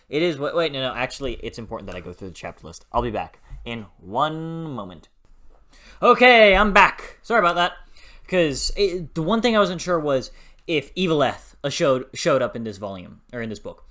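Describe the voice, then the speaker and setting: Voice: mid-range voice, fairly bright tone. A book reviewer in a casual video review, swearing freely, laughing often and losing the train of thought. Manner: frequent laughter.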